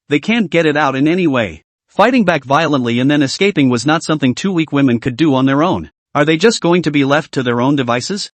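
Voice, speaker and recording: A man narrating a comic recap in a brisk storytelling manner, recorded dry and close. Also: a little high, no room sound.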